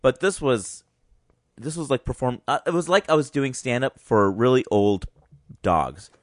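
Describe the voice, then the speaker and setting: A man's voice: mid-range voice, normal speed, no echo, clean studio sound. A man who does stand-up comedy, telling stories in a casual podcast chat and acting out the people he quotes. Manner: animated storyteller acting out quotes.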